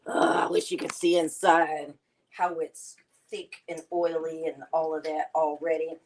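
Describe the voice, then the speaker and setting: A woman's voice: sits low, level tone, a little slow, a little mellow, slight background noise, poor audio. A woman, chatting to viewers as she hosts a casual cooking demonstration. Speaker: cooking show host.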